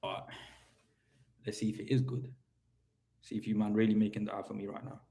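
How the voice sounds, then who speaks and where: A man's voice: on the low side, flat delivery, brisk, gravelly. Young man, casual live-stream chat, filler-heavy, friendly on the phone. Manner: chatty, lots of fillers, brightens on calls. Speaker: recruitment business owner live-streaming sales calls.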